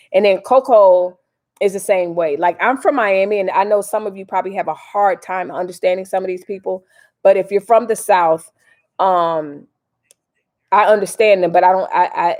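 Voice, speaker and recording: Chatty low-voiced woman live-streaming. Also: a little mellow. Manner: chatty and slangy, talking straight to viewers. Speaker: livestream host. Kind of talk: casual live-stream commentary.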